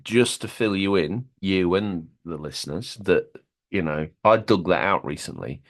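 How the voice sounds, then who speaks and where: A man's voice: sits low, lively intonation, measured pace. A man hosting a gaming podcast, playful and bantering. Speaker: podcast host. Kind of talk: casual gaming podcast chat.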